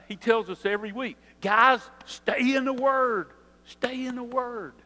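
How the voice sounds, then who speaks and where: A male pastor delivers a sermon in an earnest, conversational style, asking the congregation direct questions. His voice is high and a bit bright, and the rough recording has a long reverb tail.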